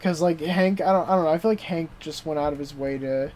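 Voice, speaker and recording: A young adult man co-hosting a podcast, excitedly recapping a TV show in casual chat, full of swearing and "dude" and "like" fillers. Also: on the high side, quick pace. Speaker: podcast co-host.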